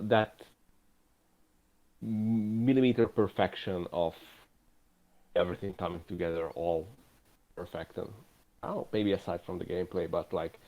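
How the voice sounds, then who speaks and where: Man, low voice, hesitant phrasing, muffled lo-fi recording. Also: warm tone. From Eastern Europe. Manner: hesitant, searching for words. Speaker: podcast guest. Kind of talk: casual podcast chat. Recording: slightly dull lo-fi mic.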